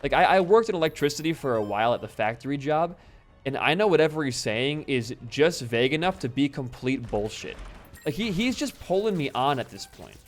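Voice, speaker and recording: A man's voice: on the high side, very animated, fairly quick, faint music behind. A young man telling a rambling story while playing a game, swearing freely and breaking off to react to the game. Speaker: gaming YouTuber.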